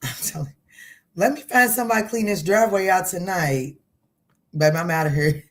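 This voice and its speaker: A woman's voice: fairly low pitch, a little fast. A middle-aged woman who reads tarot, chatting casually and playfully on a livestream. She laughs often and answers comments from her viewers. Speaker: tarot reader.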